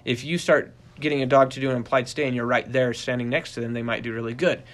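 A middle-aged man giving a casual talk on dog training. He tells stories with energy, often restarts his sentences and uses many fillers. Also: fast talker. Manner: animated storyteller, acts out quoted voices in a high pitch; rambling with frequent restarts and fillers.

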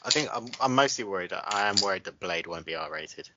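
A man's voice: low-pitched, expressive, brisk, bright, forceful tone, muffled recording, slight background noise. A man co-hosting a podcast in casual chat, rambling through far-fetched hypotheticals. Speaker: podcast co-host.

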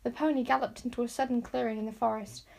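A woman reading a children's adventure book aloud. Her voice sits a little high, and she narrates with expressive, clearly paced delivery. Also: fast talker. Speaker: audiobook reader. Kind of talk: storybook read-aloud narration.

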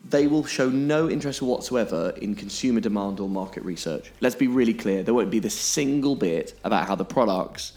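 A man's voice: fairly low pitch, expressive, fairly quick, few pauses, darkish tone. A man explaining things on a podcast in an emphatic way, often checking in with "okay?". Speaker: podcast co-host.

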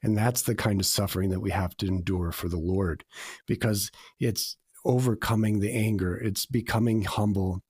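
Earnest low-voiced man, dry sound. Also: steady tone, normal speed, darkish tone, slightly rough, no echo. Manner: earnest, confessional, repeats phrases for emphasis. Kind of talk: reflective faith talk.

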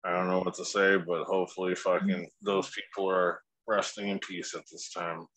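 A man's voice: deep voice, level tone, normal speed, fairly bright tone, dry recording, low-quality recording. A man co-hosting a casual podcast, laid-back and rambling, swearing freely. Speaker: podcast co-host.

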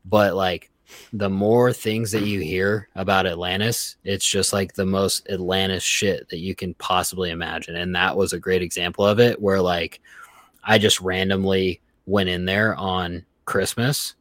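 Low-voiced man swearing through a story. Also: little pitch movement, measured pace, fairly bright tone, no echo, clean studio sound. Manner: profane storytelling, acts out quoted coworkers. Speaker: podcast guest. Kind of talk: casual podcast chat.

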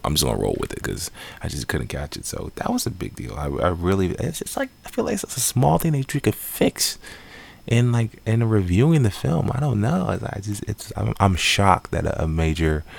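A man's voice: low-pitched, gravelly. A man giving a casual, rambling spoken movie review with many fillers and restarts. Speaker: film reviewer.

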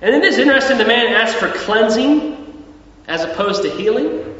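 A man's voice: very high voice, animated, normal speed, sharp tone. A man preaching a conversational sermon as pastor, repeating words and using many fillers. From Australia. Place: church. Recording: echoey hall from far off, dull sound.

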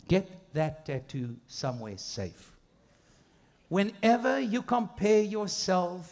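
A man preaching a sermon as pastor, telling it with lively mimicked inner voices. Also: a little high, a little slow.

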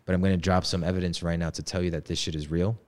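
A man's voice: sits low, little pitch movement, very fast, a little mellow. A man in his twenties telling a personal story in casual, slangy talk. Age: 20s. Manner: laid-back slangy talk. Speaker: podcast guest.

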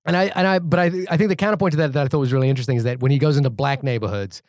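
A man from India chatting casually about a film as a podcast host, animated and full of restarts and fillers. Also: medium pitch, rapid-fire, dry recording, studio quality. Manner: animated, thinks aloud with many restarts and fillers.

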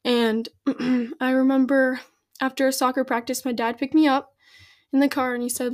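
A woman's voice: high-pitched, level tone, normal speed. Giggly young woman telling her story. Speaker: guest. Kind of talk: casual podcast chat.

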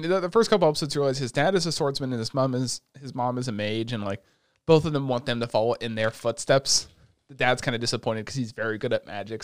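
A young man hosting a casual chat, retelling an anime with lots of swearing and excitable energy. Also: mid-range voice, no echo, studio quality. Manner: profane, excitable storytelling.

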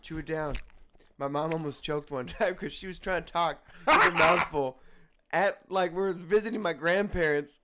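A man's voice: on the high side, moderate pace, bright, forceful tone, a little hiss or hum. A young man hosting a casual podcast, laid-back, laughing often and swearing freely. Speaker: podcast host.

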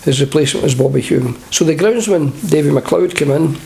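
Gravelly older Scottish man telling stories. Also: fairly high pitch, brisk, warm tone. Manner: chatty, humorous, laughs at his own stories. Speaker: former footballer as guest. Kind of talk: anecdotal storytelling.

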